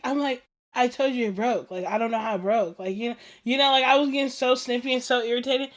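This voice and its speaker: A woman hosting a casual chat show, telling stories in an animated, slangy way, acting out what people said and laughing often. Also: high-pitched, a little fast. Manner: animated storytelling, acts out quoted dialogue, laughs often; slangy and informal. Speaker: podcast host.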